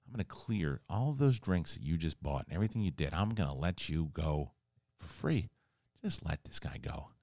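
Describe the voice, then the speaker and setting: A man giving a casual, rambling spoiler review, animated and joking, acting out characters' lines now and then, with some swearing. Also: extremely low pitch, normal speed, vocal fry, dry recording, studio quality. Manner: rambling, conversational, mild swearing. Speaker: TV show reviewer.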